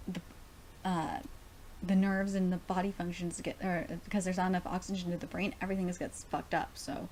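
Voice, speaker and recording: Sex: woman. Role: manga reaction streamer. Style: live reaction commentary. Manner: emotional, exclaiming, rambling. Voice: mellow. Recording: faint hiss. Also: on the low side.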